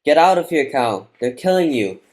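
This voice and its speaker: A man voicing a frightened elderly woman who relives her childhood in broken English, crying out loudly. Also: medium pitch, slow. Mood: panicked. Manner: broken English, loud pleading cries.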